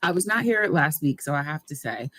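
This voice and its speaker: A podcast guest chatting casually and reacting with excited exclamations. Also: medium pitch, fairly quick, dry recording. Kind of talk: casual chat.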